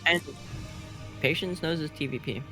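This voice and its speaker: A man casting a live video game match in a soft-spoken, relaxed and playful way. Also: fairly high pitch, normal speed, over music. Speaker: esports caster.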